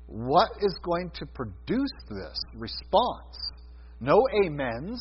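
A man preaching a sermon on prophecy, talking with many fillers, sometimes loud and sometimes soft. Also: a little high, very animated, takes it slowly, breathy edge. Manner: conversational teaching with many fillers and swings in loudness. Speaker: Bible teacher. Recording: dull sound with a long hall reverb.

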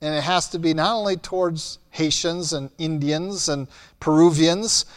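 A man preaching a sermon as pastor, blunt and emphatic, swinging between loud and soft. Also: a little high, normal speed. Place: church hall. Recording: long hall reverb.

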